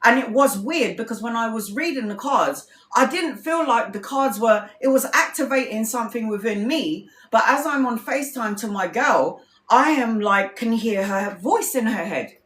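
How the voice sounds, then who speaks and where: A woman's voice: a little high, animated, moderate pace, few pauses, fairly bright tone, roomy sound. A woman tarot reader telling stories in casual livestream chat. She is blunt and chatty, swears freely and acts out her friends' lines.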